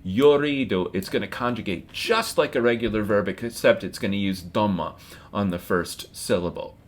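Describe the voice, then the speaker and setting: A middle-aged man teaching a language lesson, relaxed, with wry asides, slowing down to sound out words carefully. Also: on the low side.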